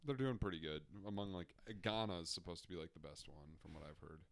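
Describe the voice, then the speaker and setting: A man's voice: deep voice, quick pace, vocal fry, slight background noise. A young man co-hosting a casual podcast chat among friends, joking and trading silly impressions. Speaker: podcast co-host.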